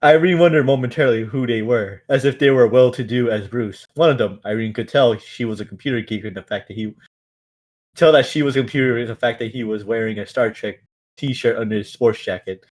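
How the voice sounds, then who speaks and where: A man's voice: mid-range voice, fairly quick, darkish tone. A man reading a novel aloud on a stream in a casual way, with stumbles, restarts and stifled laughs.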